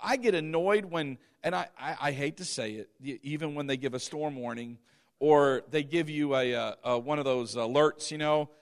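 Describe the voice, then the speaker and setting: A man's voice: on the high side, normal speed. A middle-aged male pastor preaching a sermon, emphatic and repetitive, with chuckling asides.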